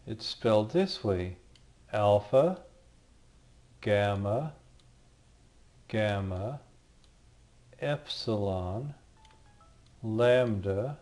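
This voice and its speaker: A man leads a recorded language lesson at an unhurried, deliberate pace. He is patient and sounds out each letter and word one at a time. His voice sits in an ordinary middle register. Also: mid-range voice, a little mellow. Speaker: Greek teacher.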